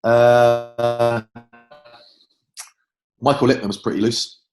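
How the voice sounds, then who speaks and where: An English man and former rugby player, a guest in a casual interview, telling lively stories and swearing freely. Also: medium pitch, slow, music in the background. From England.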